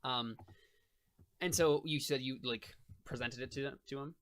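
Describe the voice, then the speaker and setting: A man's voice: mid-range voice, measured pace, fairly bright tone, slight background noise. A man narrating as game master of a tabletop role-playing game, rambling with lots of fillers and restarts.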